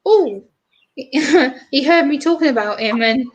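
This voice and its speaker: A woman chatting on a live stream, retelling stories in an animated way with lots of quoted voices. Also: high voice, measured pace. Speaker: streamer guest. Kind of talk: casual chat on a live stream.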